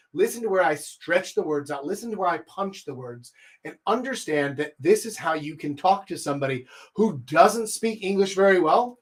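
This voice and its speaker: A Texan man in his thirties or older gives a dating coaching talk on a live stream. He's animated and blunt, swinging his pitch and volume to drive his points home.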